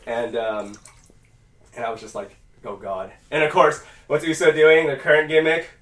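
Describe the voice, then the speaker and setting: A man hosting a casual podcast, rambling and cursing freely as he talks wrestling, now and then jumping into loud quoted voices. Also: fairly high pitch, normal speed. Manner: rambling, profane, animated when quoting. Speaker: podcast host. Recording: echoey room, mic at a distance.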